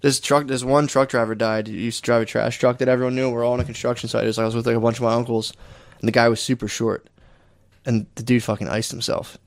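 A man's voice: medium pitch, level tone, quick pace, creaky. A young man in casual crude chat, rambling through stories, saying "dude" constantly and laughing often.

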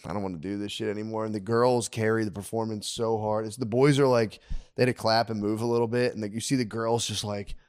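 A man in his thirties co-hosting a podcast in casual chat, laid-back, profane and joking, often slipping into quick put-on voices. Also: fairly low pitch, level tone, a little mellow, no room sound, clean studio sound. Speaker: podcast co-host.

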